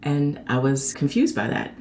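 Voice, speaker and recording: A woman hosting her own show, telling a personal story in a chatty, animated way and acting out the people in it. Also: normal speed, slight background noise. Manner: animated, acts out quoted people with sharp pitch jumps; chatty and conversational. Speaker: host.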